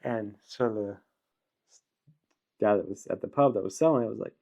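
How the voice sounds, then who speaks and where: A man's voice: lowish voice, a little fast, darkish tone. A man in casual podcast chat, telling a rambling story with lots of ums and chuckles.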